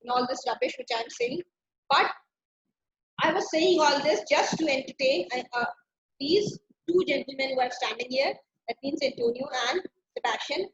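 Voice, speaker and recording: A woman's voice: sits high, lively intonation, moderate pace, background noise. A woman, teaching a play by paraphrasing each line in simple words. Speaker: literature teacher. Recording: dull lo-fi recording.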